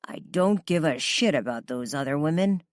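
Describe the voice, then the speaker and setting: A gruff, irritated rock star, voiced by a woman narrator who answers curtly and sarcastically. The voice stays low and the sound is dry and close. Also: expressive, normal speed, dry recording. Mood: gruff, annoyed.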